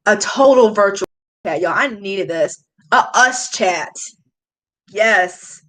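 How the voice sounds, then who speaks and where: A woman's voice: on the high side, sing-song, slow, fairly bright tone, poor audio. A woman, chatting casually and confiding in viewers on a live stream. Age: late 20s. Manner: emotional, confiding, talks straight to chat. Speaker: YouTube beauty vlogger.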